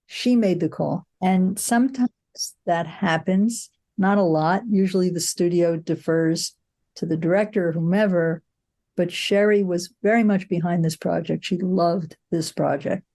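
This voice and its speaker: A woman's voice: fairly low pitch, measured pace, mellow. An older woman, a film producer, answering interview questions with reflective stories and frequent restarts. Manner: reflective storytelling, frequent "you know" and restarts.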